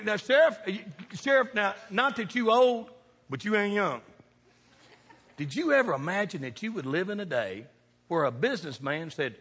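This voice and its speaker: A preacher, a man, works his congregation in a folksy sermon, dropping to quiet asides and then rising to shouts. His voice sits high and bright with a husky grain. The sound carries the long reverb of a church sanctuary. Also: animated, moderate pace. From American farm country. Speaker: pastor. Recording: reverberant hall.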